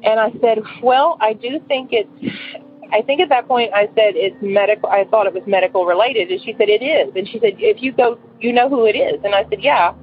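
A woman's voice: medium pitch, a little fast. A woman in her forties calling in to tell a personal story, rambling and emotional with many fillers. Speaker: caller. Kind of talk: telling a personal story on a call-in show. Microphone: phone. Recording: tinny phone line with faint hiss.

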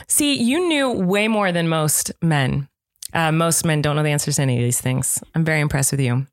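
A woman's voice: sits low, lively intonation, moderate pace. A woman in her thirties co-hosting a podcast, telling family stories in a chatty, laughing way. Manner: chatty storytelling, laughs often. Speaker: podcast co-host. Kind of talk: casual chat.

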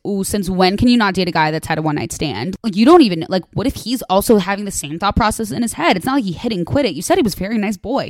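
A woman in her twenties hosting a podcast, giving sassy, animated advice in casual chat with lots of "like". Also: medium pitch, no echo.

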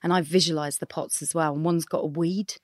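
A woman's voice: steady tone, a little fast, no room sound, clean studio sound. A woman hosting a podcast, chatting with her guest in a playful, friendly way. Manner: warm, playful, swoops in pitch when amused. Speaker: podcast host. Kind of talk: casual interview chat.

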